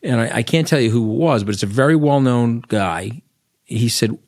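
A man's voice: medium pitch, animated, normal speed, a little mellow, no room sound. Blunt Long Island man telling stories. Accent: Long Island New York. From Long Island, New York. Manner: blunt, rambling, tags lines with "okay?". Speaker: podcast guest. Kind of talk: casual storytelling interview.

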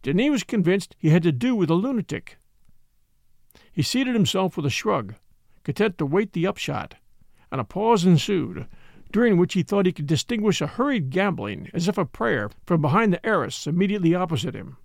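A man narrating a classic story in an expressive reading, voicing the characters. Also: high voice, normal speed, vocal fry, no echo, studio quality. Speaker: audiobook narrator.

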